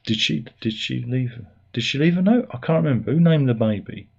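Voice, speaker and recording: A man's voice: mid-range voice, lively intonation, a little fast, gravelly, darkish tone, breathy edge, lo-fi sound. A middle-aged man giving a sarcastic, exasperated and rambling spoken review.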